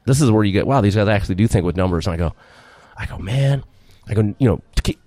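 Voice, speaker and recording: A man's voice: fairly low pitch, lively intonation, fast talker, warm tone, no echo. A middle-aged man telling a long story in a casual interview, rambling, acting out quotes and laughing often. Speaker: restaurant owner, guest.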